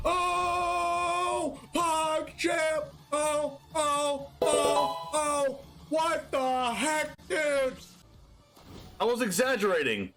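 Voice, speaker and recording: A young man streaming a card game, excitable, yelping, laughing and shouting at his plays. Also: very high voice, extremely slow. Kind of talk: live gameplay commentary. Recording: faint music behind.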